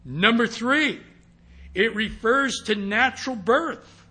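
A man's voice: extremely high pitch, expressive, takes it slowly, pushed and bright, breathy edge. A man teaching a class on interpreting scripture, speaking emphatically and often checking that his listeners follow. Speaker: Bible teacher.

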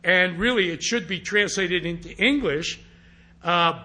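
A man's voice: high voice, animated, unhurried, sharp tone. A man teaching a class on interpreting scripture, speaking emphatically and often checking that his listeners follow. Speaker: Bible teacher.

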